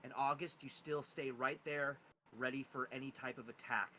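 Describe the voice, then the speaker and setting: A man narrating as game master of a tabletop game, animated and lively with frequent rising emphasis. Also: moderate pace, a little hiss or hum, low-quality recording. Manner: animated, pitch jumping on key words.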